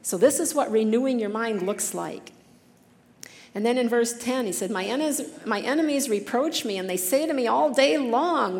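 A woman speaks in an earnest, conversational teaching voice, a little higher than most, with a gravelly fry at the ends of her phrases. She reads scripture with feeling. Her voice carries a long reverb, as in a large hall or church. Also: moderate pace. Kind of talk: devotional teaching talk.

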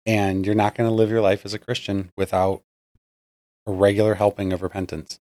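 A man's voice: fairly low pitch, flat delivery, brisk, warm tone, no room sound, studio quality. A man talking casually about faith, thinking aloud and working through his ideas.

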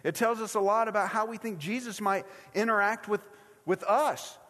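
A man's voice: high voice, normal speed, fairly bright tone. A middle-aged man preaching a sermon, casual and conversational, asking his congregation many questions. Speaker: pastor. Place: church sanctuary. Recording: long hall reverb.

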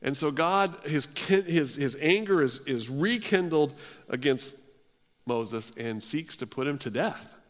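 A man's voice: fairly high pitch, expressive, unhurried. A male pastor preaching a sermon in earnest, often restarting his phrases. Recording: long hall reverb.

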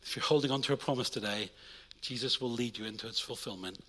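A young adult man preaching a sermon in a church, energetic, swinging between loud urging and quiet intimate asides. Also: mid-range voice, quick pace, in a large hall. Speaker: pastor.

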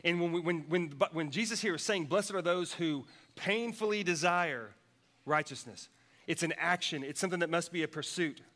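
A man's voice: fairly high pitch, normal speed, fairly bright tone. A man preaching a sermon, telling a personal story with many restarts and repeated words. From United States. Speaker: pastor.

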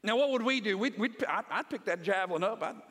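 A man with a strikingly high voice preaches a Sunday sermon. He tells scripture stories vividly and drives each point home by repeating short phrases. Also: animated, fast talker, a bit bright. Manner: retells scripture as vivid storytelling. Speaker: pastor.

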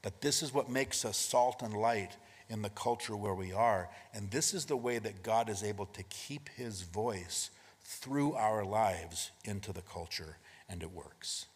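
A man preaching a sermon as pastor, in a conversational style with frequent rhetorical questions, moving between emphatic and hushed delivery. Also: fairly low pitch, a little slow, husky, in a large hall.

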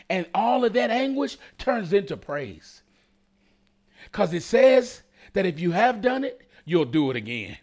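A man delivers a sermon as pastor, his voice sitting slightly high and ranging widely in pitch. He builds to fervent peaks and keeps checking in with the congregation through call-and-response asides. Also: big pitch swings, unhurried. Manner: preaching with rising intensity and call-and-response asides.

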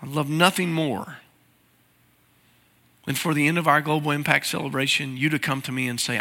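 A man's voice: fairly high pitch, steady tone, moderate pace, creaky, pauses often, pushed and bright. A man preaching a sermon as pastor, earnest and pleading. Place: large church sanctuary. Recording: reverberant sanctuary sound.

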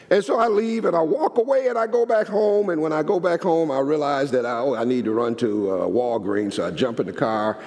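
A male pastor tells a story in a sermon, his voice rough with gravel. He talks in lively bursts, climbing and dropping in pitch and repeating words as he goes. The hall adds a long, trailing echo behind him. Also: a little fast, few pauses.

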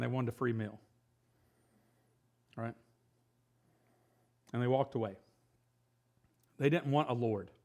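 A man preaching a sermon, reading scripture aloud and then talking it through casually, with quick laughs and sudden excited outbursts. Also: on the high side. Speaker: pastor.

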